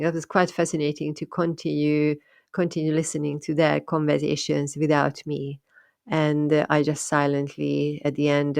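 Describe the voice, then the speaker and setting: Woman, low voice, dry close sound, reflective medium talk. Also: creaky, no room sound. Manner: thoughtful, repeats and restarts words. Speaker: medium sharing experiences. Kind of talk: casual monologue.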